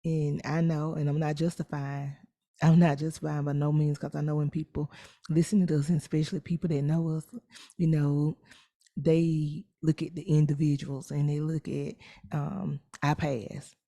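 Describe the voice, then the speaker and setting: A middle-aged woman is co-hosting a podcast, speaking in a measured, reflective way. Her voice is very dark and mellow, with a gravelly edge, and sits at an ordinary pitch. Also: little pitch movement. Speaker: podcast co-host. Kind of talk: casual conversational reflection.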